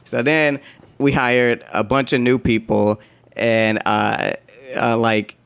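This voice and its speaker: A man's voice: medium pitch, slow, gravelly, clean tone. Guy telling a wild work story, laughing a lot, slangy and cussing, acts out everybody's lines. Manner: animated, laughs often, acts out quotes; profane slang-heavy talk. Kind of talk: casual storytelling.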